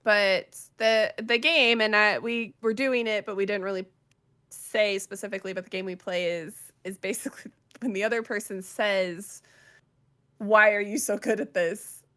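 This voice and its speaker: Bright-voiced woman chatting on a podcast. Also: medium pitch, fairly even intonation, moderate pace. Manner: chatty, giggly, with many fillers. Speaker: podcast co-host. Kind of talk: casual chat.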